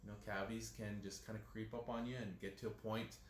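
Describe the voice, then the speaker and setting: A man, working as a dentist, telling stories in a relaxed, casual way and leaning on lots of "you know" fillers. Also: lowish voice, fast, a little hiss or hum. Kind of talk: casual interview talk. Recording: echoey room with faint ambience.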